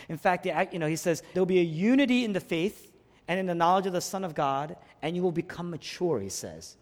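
Male pastor, slightly high voice, very lively delivery, preaching in a church with long hall reverb. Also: brisk. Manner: impassioned preaching, surging from hushed lows to soaring emphatic peaks. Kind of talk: sermon.

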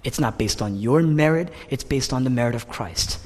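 Man, pastor, sermon, husky tone, lively swinging pitch, long hall reverb. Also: normal speed. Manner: impassioned preaching, swinging from loud to hushed whispers.

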